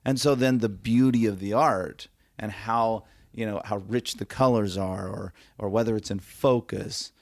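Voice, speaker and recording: A man's voice: fairly low pitch, fairly even intonation, measured pace, few pauses, no room sound, clean studio sound. A man talking as a guest photographer in a casual podcast conversation, emphatic and acting out the reactions he quotes.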